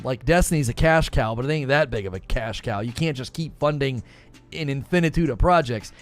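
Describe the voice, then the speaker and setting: A man's voice: on the high side, lively intonation, brisk. A man hosting a gaming live stream, talking casually, rambling, joking and repeating himself as he reads chat.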